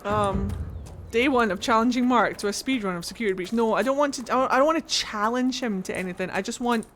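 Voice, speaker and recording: A woman with a Scottish accent streaming a game from home, chatting casually with viewers, excitable and swearing freely. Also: fairly high pitch, fast, slight background noise. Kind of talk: casual livestream chat while playing.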